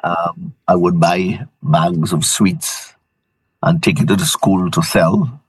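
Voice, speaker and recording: A man from Saint Lucia, a business owner, telling his story as a guest in relaxed, halting speech. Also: sits low, husky, no room sound, poor audio. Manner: relaxed storytelling, many restarts. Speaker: guest entrepreneur. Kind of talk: interview answers.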